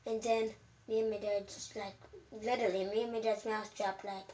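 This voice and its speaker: A woman's voice: mid-range voice, flat delivery, moderate pace, mellow. A female vlogger telling a casual storytime, rambling and restarting her sentences with many fillers. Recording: voice from a distance with faint background hum.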